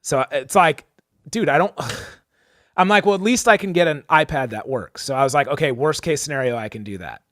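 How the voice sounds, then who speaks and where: Animated young man telling a story. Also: fairly high pitch, normal speed, no echo, clean studio sound. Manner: animated, acts out quoted people, lots of "like" and "dude". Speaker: podcast co-host. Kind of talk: casual storytelling chat.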